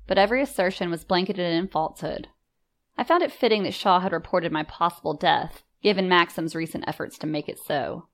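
A woman reading a story aloud in measured, composed first-person narration. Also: lowish voice. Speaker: audiobook narrator.

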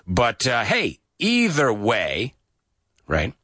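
Animated man hosting an English lesson. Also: mid-range voice, no echo, studio quality. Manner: animated, spells words slowly letter by letter. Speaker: English teacher and show host. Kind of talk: lively radio-style English lesson.

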